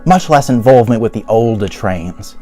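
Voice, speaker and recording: Male YouTuber ranting in commentary, animated sarcastic delivery, faint music underneath. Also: on the low side, normal speed. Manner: sarcastic, exasperated, laughs often.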